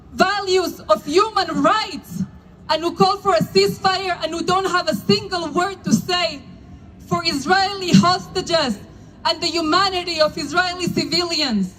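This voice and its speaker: Woman from argentina preaching hard at a protest, very high voice, slow and punchy. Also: fairly bright tone, poor audio. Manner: fiery, rhetorical, slow, emphatic. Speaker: religious leader speaking at a rally. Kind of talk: impassioned protest speech. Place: outdoor demonstration.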